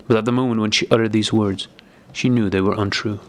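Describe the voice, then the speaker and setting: A man reading an audiobook as narrator, in a steady, measured narration. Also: on the low side. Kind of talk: scripted narration.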